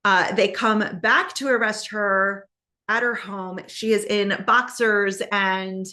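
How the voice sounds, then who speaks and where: A woman hosting a podcast, telling a true-crime story in a casual, chatty way with many fillers and quick acted-out quotes. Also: medium pitch, fairly even intonation, bright, forceful tone. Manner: conversational, many fillers, acts out quoted lines. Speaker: podcast host.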